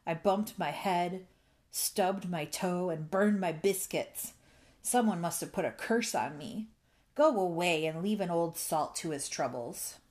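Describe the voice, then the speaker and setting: A woman's voice: on the low side, a little slow, darkish tone, lightly acted. A woman doing a grumpy old sea captain. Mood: grumbling. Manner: gruff, sailor talk.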